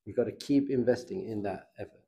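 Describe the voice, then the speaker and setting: A middle-aged man, a rabbi, giving an informal Torah class in a lively, conversational way and putting questions to his students. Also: on the low side, brisk, creaky.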